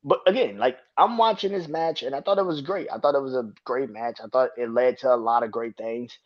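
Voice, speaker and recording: A man in the middle of a loose podcast rant who swears constantly and keeps breaking into squeaky, incredulous shouts. His voice sits in an ordinary middle register. The recording is a bit muffled and lo-fi. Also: a little fast. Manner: profane, excitable, jumps to high-pitched outbursts. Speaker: podcast host. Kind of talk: casual wrestling review rant.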